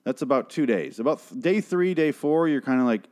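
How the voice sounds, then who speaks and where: A man casually recapping a TV episode, swearing freely and acting out characters' lines in quick put-on voices. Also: medium pitch, lively intonation, a little mellow.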